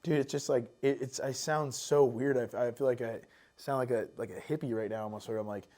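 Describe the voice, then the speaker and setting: A man talking on a relaxed podcast, rambling through his thoughts. He fills his speech with "like" and "dude" and swears freely. His voice sits at an ordinary pitch for a man. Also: a little fast. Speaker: podcast guest. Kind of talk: casual chat.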